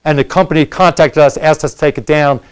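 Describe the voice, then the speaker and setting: A man's voice: on the high side, fairly even intonation, fast talker, clean tone. A middle-aged man answering audience questions after a university lecture, explaining in a conversational way with frequent fillers and restarts.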